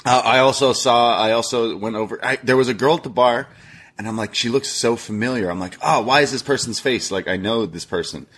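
A man's voice: medium pitch, a little fast, a bit bright, husky. A man co-hosting a podcast, telling a long story in casual chat, swearing often and laughing at himself. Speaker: podcast co-host.

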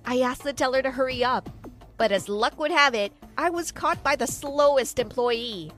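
High-voiced young woman narrating a story. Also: normal speed, fairly bright tone, soft background music. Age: young adult. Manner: dramatic storytelling. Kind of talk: scripted first-person story narration.

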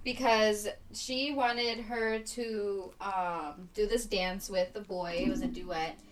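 A woman's voice: mid-range voice, steady tone, slow pace, poor audio. A young woman co-hosting a podcast in casual chat, recounting stories in a chatty way with lots of filler words. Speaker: podcast co-host.

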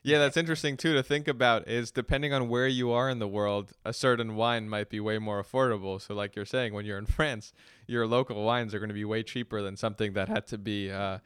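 A man hosting an interview, asking curious, measured questions. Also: fairly low pitch, fairly even intonation, fairly bright tone, smooth, no room sound, clean studio sound. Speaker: interviewer host.

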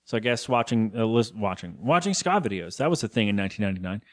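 Speaking quickly in a lowish voice with lively intonation, this young podcast co-host chats casually through a TV episode recap. He rambles along and performs the characters' dialogue in put-on voices.

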